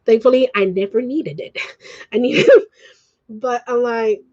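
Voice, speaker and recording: High-voiced woman ranting emotionally. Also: a little mellow, muffled recording. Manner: rambling, swears, quick swings of emotion. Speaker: live-streaming vlogger.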